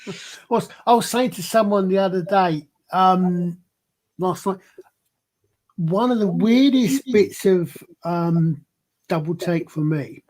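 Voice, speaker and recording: A man with a broad Glasgow accent and a high voice chats on a panel. He talks hesitantly and often restarts his sentences. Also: slow pace, a little mellow. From Scotland. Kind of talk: casual panel chat.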